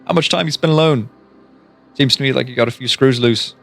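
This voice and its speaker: A man's voice: medium pitch, fairly quick, vocal fry, a bit bright, faint music behind. A man voicing a swaggering, mocking leader of a band of fake cops, with a put-on Irish accent. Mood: taunting. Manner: taunting, swaggering.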